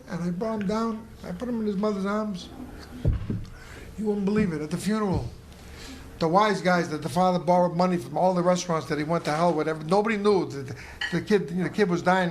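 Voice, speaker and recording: A man's voice: high-pitched, a little hiss or hum. A former boxer telling an emotional, rambling story live at a comedy club, repeating himself as he goes.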